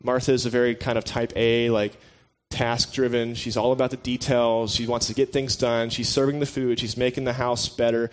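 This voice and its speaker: Man, casual sermon, laid-back, jokes with the listeners, average pitch. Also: normal speed, hardly any pauses. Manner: relaxed and joking, chats with the listeners. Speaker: preacher.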